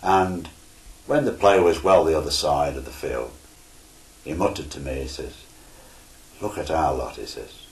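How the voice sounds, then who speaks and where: A man's voice: a bass voice, lively intonation, normal speed. An older man, a retired footballer, telling stories from his playing days in a formal storytelling manner. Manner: formal storytelling with quoted dialogue. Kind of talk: reminiscing oral history. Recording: roomy interview recording.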